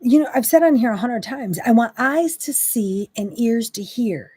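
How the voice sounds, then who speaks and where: An impassioned woman delivers a faith-based monologue as a host, her pitch leaping and dropping as she vents her exasperation. Her voice sits a little high but mellow and slightly husky, recorded dry and close. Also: lively intonation, normal speed, no echo. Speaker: Christian talk host.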